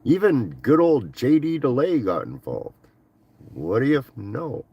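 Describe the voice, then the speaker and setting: A man commenting on clips during his live stream with wry, unhurried asides. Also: medium pitch, wildly swooping pitch, gravelly, dull audio, a little hiss or hum.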